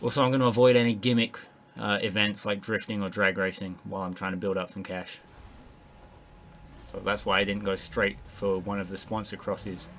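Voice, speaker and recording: A man's voice: lowish voice, level tone, normal speed, fairly bright tone, slight background noise. A man casually narrating his gameplay as a let's play host, rambling with lots of fillers and frequent swearing. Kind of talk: gameplay commentary.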